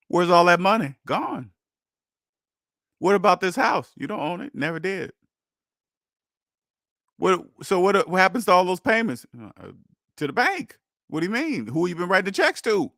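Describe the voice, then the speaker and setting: A man in his thirties talks casually as the host, his voice a little high. He is animated, laughs often and slips into mock voices between rhetorical questions. The sound is dry and close. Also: no room sound. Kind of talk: casual monologue.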